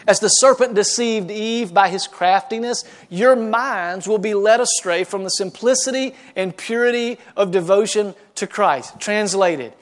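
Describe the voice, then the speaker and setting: Pastor, male, high-ish voice, lively folksy sermon delivery. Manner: animated preaching, folksy asides, acts out quoted voices.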